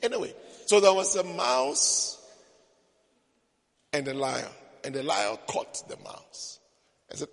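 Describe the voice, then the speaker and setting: Male preacher, high animated voice, story sermon with jokes, reverberant church. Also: slow pace, vocal fry, long pauses. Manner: storytelling with joking asides to the congregation. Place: church service. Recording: long hall reverb.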